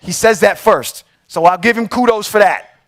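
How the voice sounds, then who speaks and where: A man teaching Torah on a live stream, reading verses slowly and with emphasis, then explaining them with frequent "okay?" check-ins. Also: high voice, a bit bright. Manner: reads verses slowly and emphatically, then comments with rhetorical questions.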